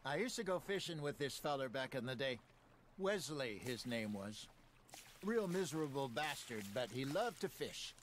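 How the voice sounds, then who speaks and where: An actor playing an older male outlaw who tells wry, folksy fishing stories in a warm drawl. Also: mid-range voice, very animated, normal speed, slight background noise, natural voice.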